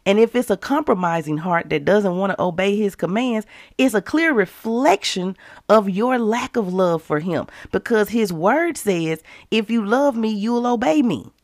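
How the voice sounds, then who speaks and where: Speaking in a mid-range, slightly mellow voice, this mother hosts a relaxed Christian devotional at a somewhat slow, animated pace. She addresses listeners head-on with emphatic, chatty energy, recorded in clean studio sound without echo.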